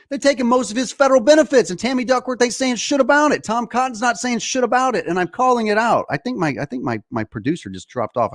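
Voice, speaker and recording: A man's voice: high-pitched, no room sound, clean studio sound. A man hosting a heated political podcast, emphatic and profane, often restarting and repeating himself. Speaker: podcast host.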